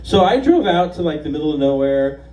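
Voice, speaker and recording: A man's voice: fairly high pitch, big pitch swings, brisk, dark tone, distant mic. A stand-up comedian in his fifties from the Los Angeles area, telling stories in a chatty, confident, self-mocking way on a bar stage. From Los Angeles area, USA. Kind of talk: live stand-up set. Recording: echoey bar room from afar, faint noise.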